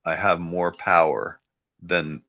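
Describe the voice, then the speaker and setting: A man's voice: deep voice, steady tone, slow, bright, forceful tone. A man hosting a podcast, rambling through opinions in casual chat. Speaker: podcast host. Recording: dull lo-fi sound.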